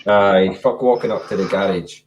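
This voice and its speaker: A man's voice: sits low, normal speed, dull audio, slight background noise. A man with a Scottish accent chatting casually as a livestream guest, laid-back and swearing freely. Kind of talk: casual chat.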